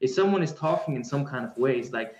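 A man talks in a calm, reflective way, circling back and restarting as he searches for his words. His voice sits at an average pitch, and the recording sounds roomy and a bit dull, with the room's echo around him. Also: brisk, a little hiss or hum. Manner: searching, many restarts and fillers. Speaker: guest speaker on embodiment. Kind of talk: reflective conversational answer.

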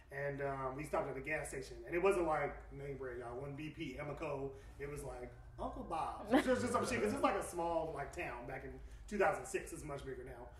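A man, hosting a podcast and telling a personal story in a candid, relaxed way. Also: on the high side, recorded from a distance. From Atlanta, USA. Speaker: podcast host. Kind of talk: casual podcast chat. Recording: roomy, off-mic.

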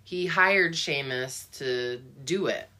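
Speaking slowly, a woman with a very deep yet bright and forceful voice mulls over a book in casual conversation. Her thoughtful talk is full of fillers, with many restarted sentences.

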